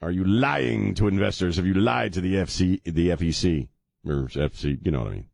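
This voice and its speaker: A man's voice: sits low, brisk, gravelly, a little mellow, no room sound. A man in his fifties hosting a talk radio show, joking sarcastically and rambling, sounding tired. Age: 50s. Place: radio studio.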